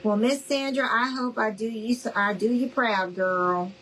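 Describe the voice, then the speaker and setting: Slightly high, fairly even in intonation, and a bit bright, her voice moves at a normal speed over a low-quality recording with a little hiss or hum. She's a craft livestream host from New Orleans, Louisiana, chatting affectionately while crafting and addressing viewers as "y'all" and "honey."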